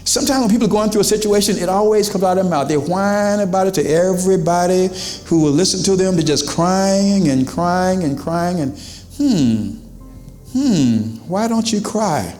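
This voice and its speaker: Male pastor, fairly high voice, conversational sermon, echoey church, faint music behind. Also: a little fast, hardly any pauses, darkish tone. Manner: conversational preaching with quoted voices and questions to the congregation. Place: church sanctuary.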